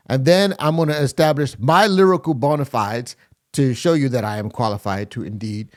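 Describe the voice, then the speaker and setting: A man hosting a music reaction video, chatting casually as he breaks down rap lyrics and scats rhythms to explain them. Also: a little high. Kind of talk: casual rap critique commentary.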